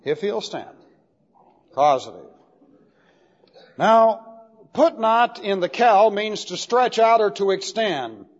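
A male pastor with a high, sing-song voice delivers an expository sermon slowly, pausing often. He is emphatic and methodical, repeating key terms as he explains them step by step. The lo-fi recording sounds dull and carries a long hall reverb.

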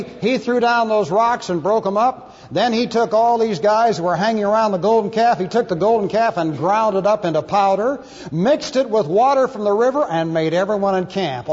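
A man's voice: high voice, darkish tone, breathy edge. A pastor preaching an expository sermon, teaching the Bible through Greek word study. He talks emphatically, spells out Greek words letter by letter and slips in dry jokes. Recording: lo-fi recording in a reverberant hall.

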